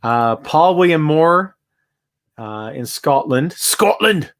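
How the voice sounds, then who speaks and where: A man's voice: medium pitch, normal speed, fairly bright tone. A man hosting a casual live-streamed wrestling podcast from his home, chatty and greeting viewers by name. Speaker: podcast host. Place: home room with bass amp.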